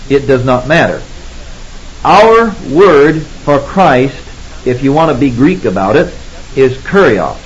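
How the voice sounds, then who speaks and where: A man giving an expository Bible lecture, measured and deliberate, pausing to stress key words. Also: mid-range voice, animated, dull audio. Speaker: Bible teacher.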